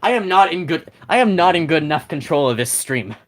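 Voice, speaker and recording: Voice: medium pitch, animated, brisk. A game streamer chatting casually on a live stream, rambling with many restarts and reading chat messages aloud at a desk mic.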